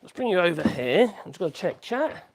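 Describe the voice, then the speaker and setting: A man's voice: sits high, big pitch swings, fairly quick, vocal fry. A man chatting casually on a woodworking live stream, rambling, correcting himself and humming between thoughts. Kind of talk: casual live-stream chat while working.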